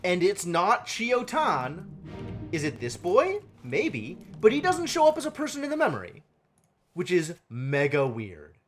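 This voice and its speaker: A man talks through a puzzle game on a live stream, thinking out loud and half-muttering as he counts and reasons. His pitch swings freely up and down as he goes. Faint music plays softly behind him. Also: huge pitch swings, measured pace. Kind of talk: live gameplay commentary.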